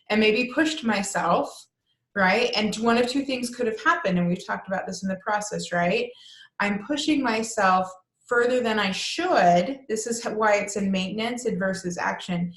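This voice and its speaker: A woman's voice: mid-range voice, fairly bright tone. A woman coach teaching an online class, talking earnestly and conversationally and often checking in with "right?". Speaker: coach teaching a transformation course. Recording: roomy echo.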